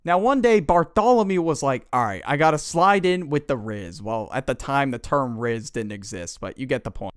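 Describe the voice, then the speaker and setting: A man's voice: on the high side, smooth, dry recording, clean studio sound. A young man narrating a storytime in a casual, slangy and profane way, joking as he goes. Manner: slangy, profane, jokey retelling. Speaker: storytime YouTuber.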